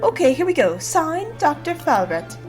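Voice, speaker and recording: A woman's voice: high voice, very animated, moderate pace, faint music behind, poor audio. Woman playing a chirpy young bird sidekick. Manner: chirpy and eager. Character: cheerful dim young male bird assistant. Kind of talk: reading game dialogue aloud.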